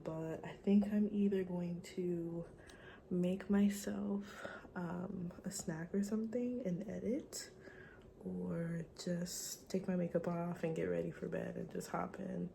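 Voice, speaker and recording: A woman's voice: fairly low pitch, gravelly, dark tone. Candid young woman vlogging on a noisy street. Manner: candid, gossipy, swears freely. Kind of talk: casual vlog chat.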